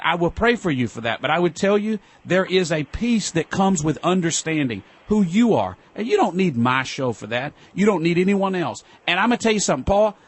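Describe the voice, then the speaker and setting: A man hosting a call-in radio talk show, arguing with a caller in a sarcastic, lecturing way. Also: sits high.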